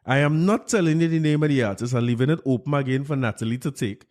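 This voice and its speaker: Give me a podcast host, a man with a Trinidadian accent, speaking in an unremarkable middle register as he rambles through an animated story for his listeners. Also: medium pitch, fast talker. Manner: animated storytelling with frequent laughs; conversational, addresses listeners directly. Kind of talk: casual podcast monologue.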